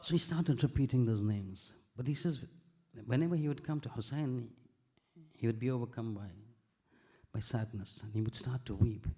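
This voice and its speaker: A man giving a religious sermon. He narrates a sacred story earnestly and steadily, quoting scripture and reciting Arabic verses rapidly. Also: mid-range voice, warm tone. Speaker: preacher.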